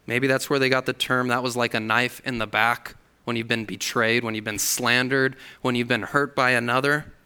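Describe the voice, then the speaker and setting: A man's voice: mid-range voice, fairly even intonation, normal speed, few pauses, bright, forceful tone, clear, resonant tone. A man preaching a sermon in a church, earnest, acting out the voices he quotes. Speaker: pastor. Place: church hall.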